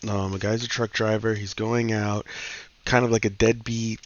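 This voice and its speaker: A man hosting a casual comic book review, retelling plots in a slangy, profane, excitable way. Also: on the low side, normal speed. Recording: dull lo-fi dry recording.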